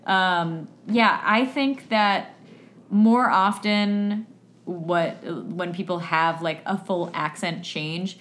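Young woman, casual co-host, lively, reads out facts and slips into voices. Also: fairly low pitch, slow pace. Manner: animated, reads facts aloud, jumps into voices. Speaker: podcast co-host. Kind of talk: casual chat.

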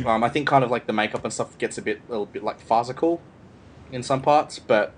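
A man's voice: medium pitch, fairly quick, slight background noise. A man hosting a casual film review podcast, rambling with lots of fillers and restarts. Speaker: podcast host.

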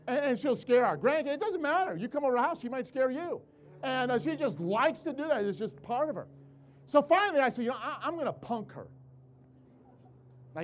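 An older man preaching with a strikingly high voice that leaps up and down. He tells stories animatedly, repeating words as he goes, and calls out to the congregation. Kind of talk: sermon.

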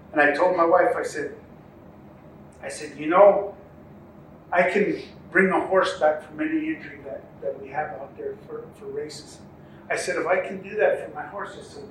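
With a slightly high voice, a man who races horses in relays stammers through an interview story, restarting often and voicing the quoted words of others. A little hiss or hum runs under the recording, made in an echoey room with a far-off mic and faint ambient sound.

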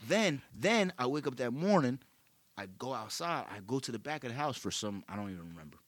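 A man's voice: mid-range voice, fairly quick, dry recording. A young man telling a story in casual chat, swearing a lot and acting out what others said. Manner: animated, swears a lot, acts out quotes loudly.

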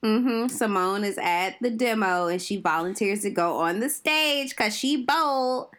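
Woman, co-host, slow pace, mid pitch, casual chat, fills in details. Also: animated, fairly bright tone. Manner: unhurried, adds details and finishes sentences. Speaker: podcast co-host.

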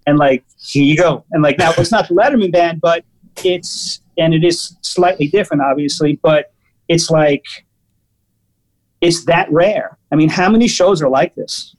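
A man's voice: fairly high pitch, moderate pace, low-quality recording. A man, a guest musician, telling casual stories animatedly with lots of restarts. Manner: animated, restarts often, laughs through stories. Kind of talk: casual storytelling.

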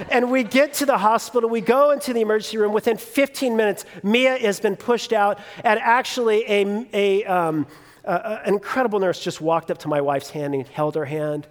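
A man's voice: high-pitched, a little fast. A man in his thirties preaching a sermon, telling a personal story in a conversational way with fillers and restarts. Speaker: pastor. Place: church sanctuary. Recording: long hall reverb.

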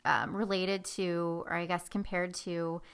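A woman's voice: lowish voice, level tone, a little slow, clean tone. A woman hosting a podcast, asking friendly questions with some hesitation and fillers. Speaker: podcast host. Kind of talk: conversational interview.

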